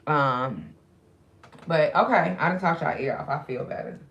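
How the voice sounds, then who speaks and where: A middle-aged woman speaks in a low voice. She chats loosely and directly to the viewers of her livestream. She is grieving and subdued. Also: expressive, unhurried, fairly bright tone, dull audio. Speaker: spiritual reader streaming live. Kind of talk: casual livestream chat.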